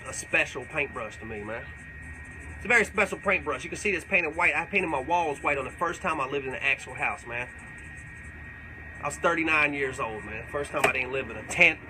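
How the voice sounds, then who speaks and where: A man's voice: a little high, noisy background, lightly acted. A man playing a profane, rambling, boastful older backwoods man in a live comedic question-and-answer. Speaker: comedic character.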